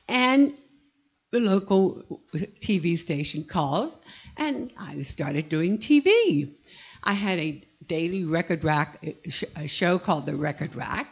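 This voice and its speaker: A woman's voice: on the low side, slightly rough, highs cut off. Older woman telling a life story. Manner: vivid, animated recollection with acted-out quotes. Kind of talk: personal storytelling.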